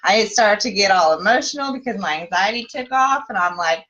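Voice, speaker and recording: Rich: A woman with a sharp, bright voice co-hosts a relaxed chat and tells stories in an animated way, laughing as she goes. Her voice comes through a little dull and lo-fi. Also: mid-range voice, brisk. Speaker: co-host. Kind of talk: casual chat. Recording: slightly dull lo-fi sound.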